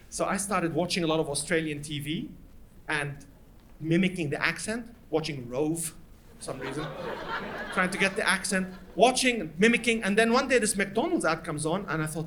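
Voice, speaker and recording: A man from Lebanon, doing a stand-up comedy set in a live venue with lively, animated storytelling. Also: sits high, fairly quick, a little hiss or hum. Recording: live stage recording, loud audience laughter.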